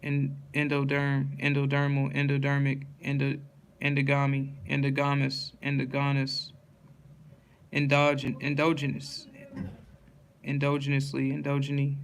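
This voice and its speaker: Flat-voiced man reading word lists. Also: mid-range voice, gravelly, clear, resonant tone. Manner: monotone word-by-word reading with stumbles and restarts. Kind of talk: reading dictionary entries aloud in a steady list.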